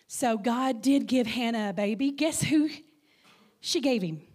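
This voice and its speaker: Lively Texan woman preaching. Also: on the high side, measured pace. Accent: Texas. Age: 50s. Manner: lively, playful, calls out questions to the congregation. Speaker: guest speaker. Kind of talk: Mother's Day sermon with audience call-and-response.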